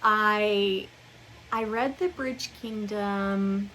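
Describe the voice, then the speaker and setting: Young woman gushing over books on her channel, talks real slow, calls everyone you guys, faint hum in the room. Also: mid-range voice, steady tone, sharp tone. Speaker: booktube host. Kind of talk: casual unboxing chat. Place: home room with ring light.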